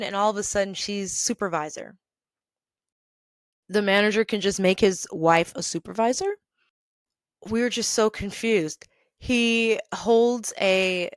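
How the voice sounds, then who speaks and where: A woman hosting a podcast, telling a workplace story in an animated, exasperated way and laughing now and then. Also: mid-range voice, clean tone, no room sound, studio quality. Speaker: podcast host. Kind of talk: storytelling rant.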